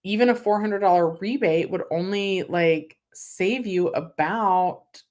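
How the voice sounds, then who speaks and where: A young California woman hosts a casual livestream, reading viewer comments and chatting in a chatty, emotional way with lots of "like" and "um" fillers. Her voice is mid-range, slow, and darkish in tone.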